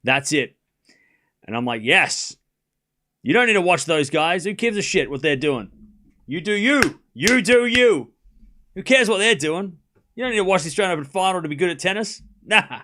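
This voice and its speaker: A man's voice: high-pitched, lively intonation, a little fast, bright, forceful tone. A young man hosting a live stream, chatting casually and rambling, often repeating himself. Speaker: host.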